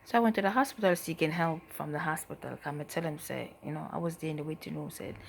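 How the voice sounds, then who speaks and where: A woman giving a personal testimony as a mother, in a soft, halting, emotional way that often trails off. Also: low-pitched, creaky, slight background noise. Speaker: mother telling her story.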